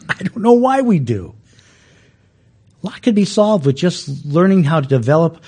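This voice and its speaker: A middle-aged man preaching a sermon as a pastor, animated and often restarting with repeated words. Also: high voice, a little slow, pauses often, husky.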